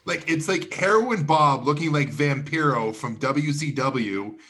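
A man's voice: on the high side, animated, measured pace, a bit bright. A man co-hosting a casual movie chat, talking loosely with fillers and swearing. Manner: loose and profane, filler words.

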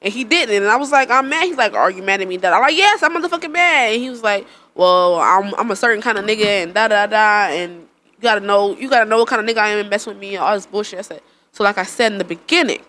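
Fast-talking blunt young woman. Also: medium pitch, fairly bright tone, slight background noise. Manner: blunt, profane storytelling with frequent laughter. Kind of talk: casual chat.

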